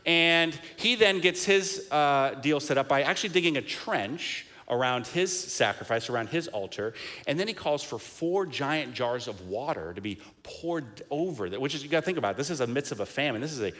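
A man's voice: mid-range voice, animated, moderate pace, pushed and bright. A man preaching a sermon, telling a story in a casual, joking way. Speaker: pastor.

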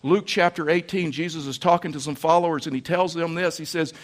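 A pastor preaching a sermon in a folksy, storytelling way. His man's voice sits a little high. He drives his points home by repeating phrases. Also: fairly even intonation, fairly quick.

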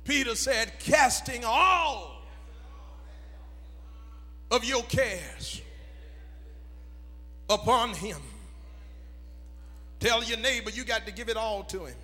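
A pastor preaching a sermon to his congregation, swelling into a shouted, half-sung cadence. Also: slow, pauses often, in a large hall, faint music behind. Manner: builds from low murmurs to shouted, half-sung whooping cadence. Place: church sanctuary.

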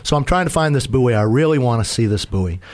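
A man's voice: medium pitch, animated, fast. Male, casual storyteller, rambling and self-deprecating, talks about boats. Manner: rambling, self-mocking, acts out quoted shouts. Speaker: sailor telling a sea story.

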